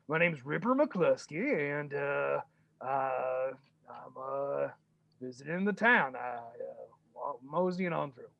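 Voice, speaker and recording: A man's voice: mid-range voice, lively intonation, slow, creaky, muffled recording. A man voicing a laid-back reptilian wanderer who drawls and says y'all in a tabletop game. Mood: easygoing. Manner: easygoing Southern-style drawl, says y'all.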